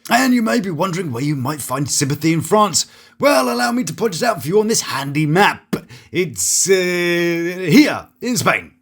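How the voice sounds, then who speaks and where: His voice sits high with big pitch swings, a fairly bright tone and a breathy edge, moving at normal speed. This British reality TV reviewer speaks British English, delivering scripted commentary that is sarcastic and jokey with mock-theatrical asides.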